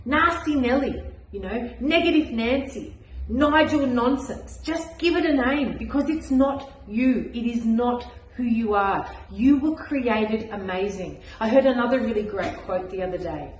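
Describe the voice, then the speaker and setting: A woman's voice: fairly high pitch, measured pace. Earnest encouraging woman in an echoey room. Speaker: mindset coach. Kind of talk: motivational message to camera.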